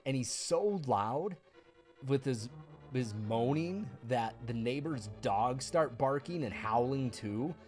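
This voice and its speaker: A man's voice: medium pitch, expressive, slow, darkish tone. Man streamer, rambling storytelling, laughs a lot, faint game music behind. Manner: rambling, laughing, many fillers. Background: faint video game music.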